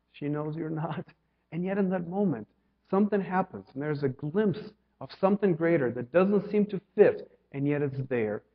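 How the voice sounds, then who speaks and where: A man from Ukraine preaching a sermon, asking questions and swinging from loud to hushed. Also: fairly high pitch. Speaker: pastor. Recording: dull sound with long hall reverb.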